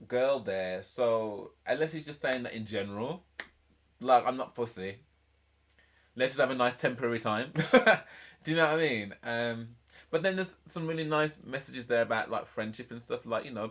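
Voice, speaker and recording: A man's voice: medium pitch, fairly bright tone. A man hosting a casual album reaction, talking in a chatty, rambling way and laughing often. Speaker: music reaction channel host.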